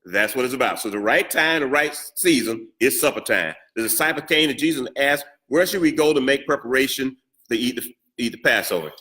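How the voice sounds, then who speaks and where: Bright-voiced preacher, playful call-and-response. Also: male voice, mid-range voice, lively intonation, brisk. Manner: call-and-response preaching with humor and rhetorical questions. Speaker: pastor. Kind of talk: sermon.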